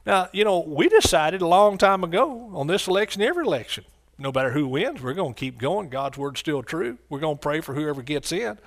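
Emphatic male preacher from the US, slightly high voice, repeats lines, calls to the crowd. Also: big pitch swings, a little fast. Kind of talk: sermon.

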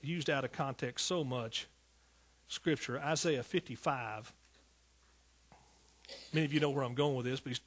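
A man's voice: mid-range voice, fairly bright tone, slightly rough. A man preaching a sermon in a fervent, rhythmic way, often calling out to his listeners. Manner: fervent, rhythmic preaching with repeated calls to the congregation.

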